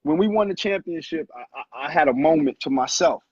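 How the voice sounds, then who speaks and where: Casting note: animated male storyteller, high voice, dry lo-fi sound. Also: fairly quick, dry recording. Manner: animated storyteller who acts out quotes. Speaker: guest, former pro basketball player. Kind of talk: casual storytelling interview. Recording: muffled lo-fi audio, husky.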